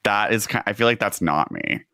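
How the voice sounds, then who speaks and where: A man in his thirties co-hosting a comedy book podcast with loose, playful riffing. His voice sits low but sounds bright, and his pitch swings a lot. The sound is dry and close. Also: huge pitch swings, a little fast, gravelly, clear, resonant tone, dry recording. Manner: playful, riffing, lots of fillers. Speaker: podcast co-host. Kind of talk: casual comedic chat.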